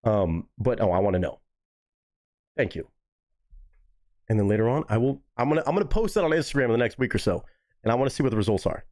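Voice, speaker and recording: This live-stream host is a fast talker with lively intonation, long pauses, and a slightly mellow voice. He responds to chat comments casually, cursing and throwing in mocking, high-pitched asides.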